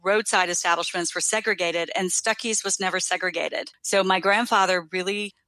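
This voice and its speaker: A woman's voice: on the low side, fairly even intonation, moderate pace, sharp tone, no room sound. A woman from Washington, D.C., a company CEO, telling stories with ease as a guest in a casual interview.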